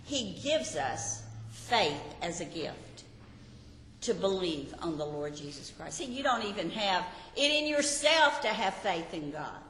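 A woman's voice: medium pitch, big pitch swings, unhurried, a bit bright, slight background noise. A woman teaching a Bible lesson to a group, earnest and often asking her listeners rhetorical questions. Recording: roomy hall reverb.

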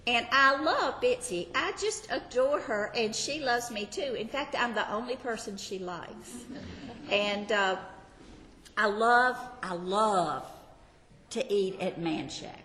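A woman's voice: a little high, animated, takes it slowly, pushed and bright, big-room sound. An older woman, teaching a Sunday school Bible class in a chatty, self-deprecating, homey way.

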